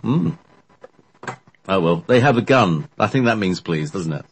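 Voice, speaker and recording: A man's voice: low-pitched, lively intonation, a little slow, a little hiss or hum. A man chatting casually as a guest, rambling and hesitant with many fillers. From Britain. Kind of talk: casual podcast chat.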